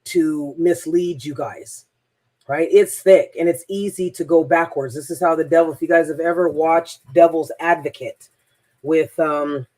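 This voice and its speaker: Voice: medium pitch, steady tone, a little slow, a little mellow. A transformational coach telling a personal story in a rambling, emphatic monologue, often repeating words.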